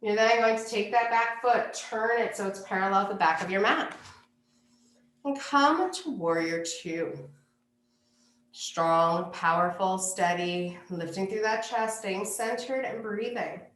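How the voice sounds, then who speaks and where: A woman teaching a yoga class, giving calm, unhurried cues for poses and breathing. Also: medium pitch, reverberant. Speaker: yoga instructor. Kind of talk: guided yoga class instruction.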